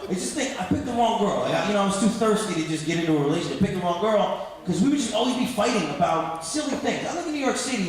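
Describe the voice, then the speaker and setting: A man in his thirties doing a rambling, self-deprecating stand-up comedy set on a club stage. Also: high voice. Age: 30s. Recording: echoey club hall. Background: audience laughter.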